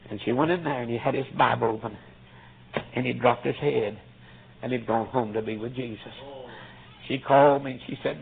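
A man's voice: medium pitch, fairly even intonation, normal speed, vocal fry, long pauses, slightly rough. A male preacher telling a folksy story in a sermon, his voice swelling with emotion at times. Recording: tinny phone-like lo-fi recording.

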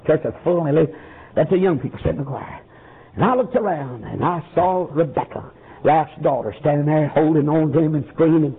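A male preacher, telling a story in a sermon with fervent, dramatic delivery that rises to shouts. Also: on the high side, vocal fry, slightly rough. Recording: tinny lo-fi phone-like recording.

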